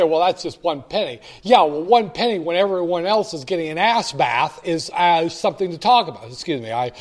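Guy talking thru stock charts, kinda high voice, jokey asides, lots of uhs. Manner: chatty, wry asides, many fillers and restarts. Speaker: stock market commentator. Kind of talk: casual screen-share market walkthrough.

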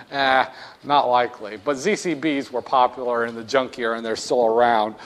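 A man's voice: mid-range voice, brisk. Wry, joking male finance lecturer. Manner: wry and joking, plays scenes out. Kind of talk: classroom lecture.

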